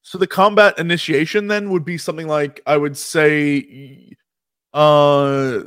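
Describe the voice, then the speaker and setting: Slightly higher-voiced man asking questions. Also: little pitch movement, measured pace, fairly bright tone, no echo, clean studio sound. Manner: inquisitive, checks his understanding by restating. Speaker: new game master asking questions. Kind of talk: casual conversation.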